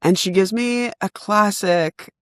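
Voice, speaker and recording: A woman co-hosting a comedy podcast, telling a story in animated, casual chat and laughing often. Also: lowish voice, normal speed, no echo, clean studio sound. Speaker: podcast co-host.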